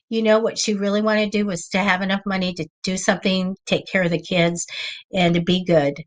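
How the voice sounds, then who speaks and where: A middle-aged woman hosting a live psychic show, chatting casually and telling excited stories with lots of acted-out quotes. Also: mid-range voice. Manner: chatty storyteller, lively and excitable, acts out quoted voices. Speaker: psychic reader and show host. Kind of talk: casual live-stream chat.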